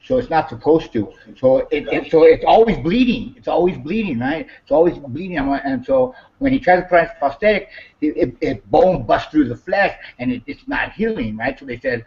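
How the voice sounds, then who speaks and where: A man talks in casual, rambling chat, cursing freely and circling back over the same words. His voice sits slightly high for a man. The recording sounds dull and lo-fi. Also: very animated, a little fast. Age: 50s. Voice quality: profane, rambling, repeats himself.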